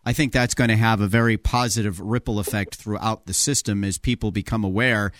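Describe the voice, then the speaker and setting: A man's voice: lowish voice, steady tone, brisk, fairly bright tone, no room sound, clean studio sound. A man hosting a talk radio show, telling a story animatedly with mock dialogue and frequent laughs.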